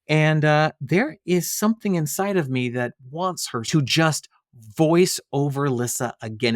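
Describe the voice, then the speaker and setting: A man's voice: mid-range voice, no echo, clean studio sound. A man hosting a solo podcast of film trivia, talking with emphatic enthusiasm and leaning hard into his "did you know" openers. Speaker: podcast host.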